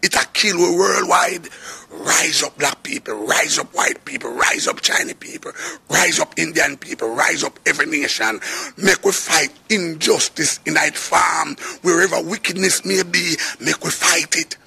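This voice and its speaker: A man's voice: fairly high pitch, normal speed, vocal fry, pushed and bright, husky. A man with a Jamaican accent makes an impassioned spoken appeal in a preaching, urgent way, sometimes slipping into sung phrases. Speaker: reggae artist.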